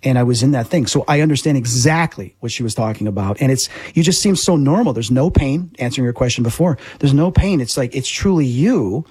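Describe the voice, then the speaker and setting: Husky man telling an animated story. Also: mid-range voice, fast talker, few pauses, no room sound. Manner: animated storyteller, repeats himself. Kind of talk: casual chat.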